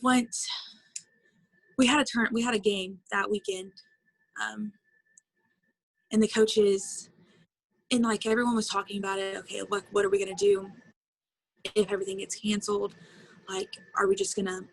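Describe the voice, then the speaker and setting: Young female interview guest, twenties; vocal fry, dry recording, casual and emotional. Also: mid-range voice, no room sound, rough recording. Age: 20s. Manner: chatty, lots of fillers, emotional retelling. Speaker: interview guest, former college softball player.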